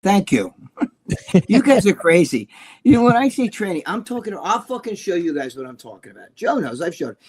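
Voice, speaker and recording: Middle-aged man with a New Jersey accent, livestream co-host, blunt and profane, a touch high-pitched. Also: very animated, moderate pace, a little mellow, breathy edge. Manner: blunt, profane, storytelling with voiced quotes. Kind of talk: casual livestream chat.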